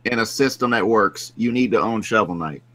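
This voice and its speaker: A man co-hosting a casual gaming podcast, enthusiastic and quick with quips. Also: on the low side, a crowd in the background. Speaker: podcast co-host.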